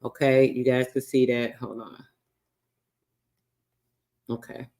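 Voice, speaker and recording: A livestream host, male and mid-pitched, goes through old records at an unhurried pace. He swears freely and speaks loosely, sounding laid-back yet clearly annoyed.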